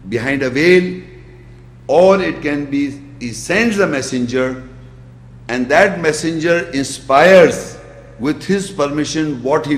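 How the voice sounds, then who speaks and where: A man giving a religious lecture, asking his listeners pointed questions and quickly reciting Arabic verses before explaining them. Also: on the high side. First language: Urdu. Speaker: Islamic lecturer. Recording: echoey hall.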